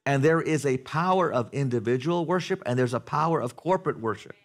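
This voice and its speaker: A man preaching a sermon to a congregation in a church, talking conversationally, asking the room questions and building to loud, animated passages. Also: medium pitch, a little fast. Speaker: pastor. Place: church sanctuary before a congregation.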